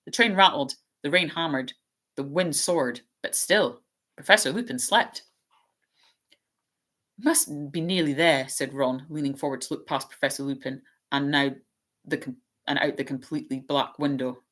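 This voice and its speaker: A woman with a low voice reads a storybook aloud at a steady pace. She narrates calmly and now and then trips over a word and corrects herself. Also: normal speed. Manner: steady narration with small slips and self-corrections. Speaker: channel host reading aloud.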